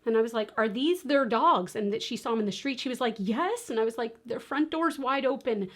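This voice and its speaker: A young woman with a slightly high voice tells a long personal story while doing her makeup. She talks in a lively, casual way and mimics the people she quotes. Her laughter breaks in here and there. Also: a little fast. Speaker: beauty vlogger.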